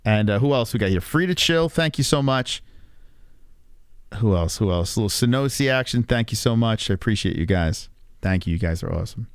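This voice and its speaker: A man's voice: lowish voice, fairly quick, smooth, dry recording, studio quality. A man hosting a casual reaction stream, laughing a lot and swearing as he comments on a clip. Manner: laughing, crude, animated commentary. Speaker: streamer host.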